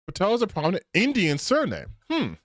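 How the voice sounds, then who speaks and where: Sarcastic, animated man streaming. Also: sits high, brisk, dry recording, studio quality. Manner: sarcastic, incredulous, repeats himself for emphasis. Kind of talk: casual reaction commentary.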